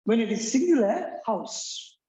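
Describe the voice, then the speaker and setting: A man teaching an English accent lesson, halting with many fillers and restarts, repeating words for drill. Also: extremely high pitch, animated, a little mellow. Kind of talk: classroom-style lecture. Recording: roomy, dull lo-fi recording.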